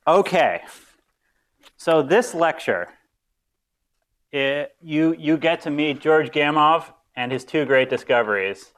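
Male lecturer, smooth resonant tone, chatty and self-deprecating on stage. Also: fairly high pitch, animated, slow, pauses often, a bit bright. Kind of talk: live university lecture.

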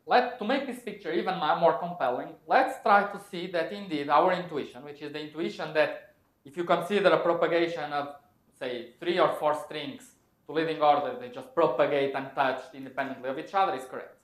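The echo of a lecture hall surrounds a man giving a brisk, technical physics lecture in a fairly high voice. He walks through the material step by step, thinking aloud and correcting himself as he goes.

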